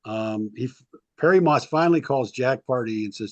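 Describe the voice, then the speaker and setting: Guest historian, male, casual storyteller, filler-heavy, acts out quotes; average pitch, dead-dry recording. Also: moderate pace, dry recording. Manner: rambling anecdotes with frequent ums, acts out quotes. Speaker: sports historian and author, guest.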